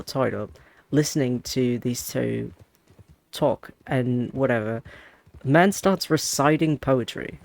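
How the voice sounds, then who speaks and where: A man's voice: mid-range voice, gravelly, no echo. A man streaming a game, telling a rambling story in casual chat with lots of restarts.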